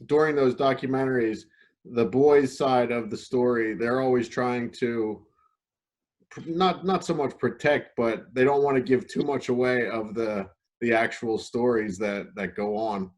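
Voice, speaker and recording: A man's voice: mid-range voice, measured pace, a little mellow. A man co-hosting a casual interview who talks hesitantly and restarts his sentences. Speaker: podcast co-host.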